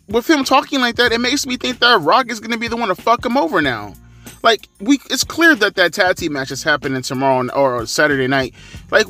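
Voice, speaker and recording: A man in his thirties rants about wrestling in a sarcastic, foul-mouthed way. His voice sits a bit high for a man and comes across forceful and tense. Faint music plays behind him. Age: 30s. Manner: profane, sarcastic, ranting. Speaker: wrestling commentator. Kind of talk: ranting commentary.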